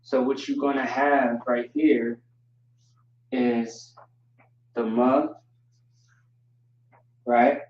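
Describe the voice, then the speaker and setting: A man gives a slow, deliberate livestream lesson, stopping often on fillers as he explains. He sits well back from the microphone, so his voice comes through roomy and distant. The audio has a dull, lo-fi quality. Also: medium pitch, flat delivery, darkish tone, a little hiss or hum. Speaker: teacher. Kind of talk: livestream teaching.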